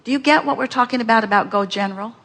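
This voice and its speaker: A woman's voice: a little high, racing, fairly bright tone. Emphatic woman teaching at a seminar. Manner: emphatic, repeats key phrases, acts out quoted thoughts. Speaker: speaker at a live seminar, answering an audience member. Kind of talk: inspirational teaching in a live Q&A.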